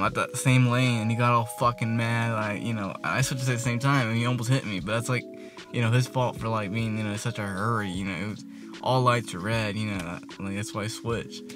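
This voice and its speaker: Rambling, profane young man. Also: lowish voice. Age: 20s. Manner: rambling, filler-heavy, profane. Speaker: vlogger. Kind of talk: casual storytime rant. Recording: music playing behind. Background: music.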